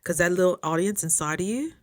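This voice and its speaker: A young woman talking casually in a motivational vlog, chatty and animated, jumping high when she quotes people. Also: fast talker. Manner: chews while talking at times. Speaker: vlogger.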